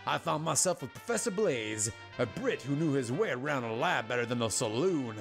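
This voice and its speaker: A man voicing a weary retired army lieutenant in an old west game, with a put-on western drawl and a steady, plainspoken delivery. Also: mid-range voice, normal speed, vocal fry, music in the background. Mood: grim.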